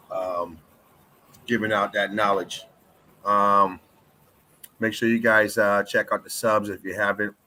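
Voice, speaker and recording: Slow, bright-toned male co-host. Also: deep voice. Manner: unhurried, many ums. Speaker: stream co-host. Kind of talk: casual livestream sign-off.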